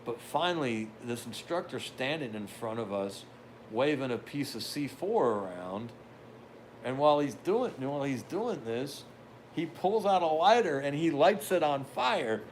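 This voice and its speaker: A man's voice: medium pitch, very animated, unhurried, a little hiss or hum. An older man hosting a podcast, telling a rambling anecdote in a casual way with wry asides. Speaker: podcast host. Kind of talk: casual storytelling.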